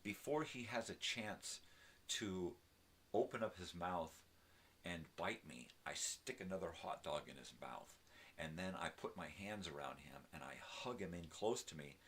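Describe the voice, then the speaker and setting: A man's voice: low voice, lively intonation, measured pace, a bit bright, a little hiss or hum. An older man hosting a live morning show, telling a rambling story casually and often tagging lines with "right?". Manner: talks to his dog, tags lines with "right?".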